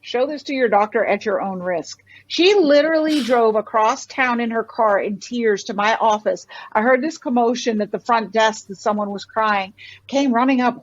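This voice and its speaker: A middle-aged woman with a fairly high voice talks as a podcast guest, passionate and animated as she tells stories. The sound is dry with little room, and slightly dull. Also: moderate pace, no room sound. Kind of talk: casual interview talk.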